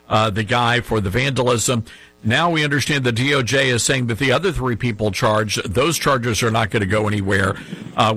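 Bright, husky-edged talk radio host. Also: male voice, medium pitch, no echo. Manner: opinionated, sarcastic, quick asides.

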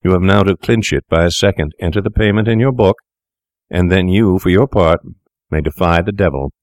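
A man reading aloud, voicing a calm, persuasive young male doctor who coaxes his shaken friend in a smooth, menacing tone. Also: deep voice, brisk, no echo, clean studio sound, natural voice. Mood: coaxing.

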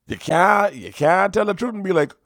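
A young man doing a stand-up comedy routine, animated and slangy, on a stage microphone. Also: high-pitched, normal speed, no room sound, studio quality. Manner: animated, repetitive, slangy storytelling.

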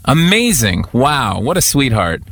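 A man's voice: medium pitch, big pitch swings, measured pace, vocal fry, a bit bright. A man hosting a call-in radio show, playful and gushing, cracking jokes between calls. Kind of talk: casual call-in radio chat.

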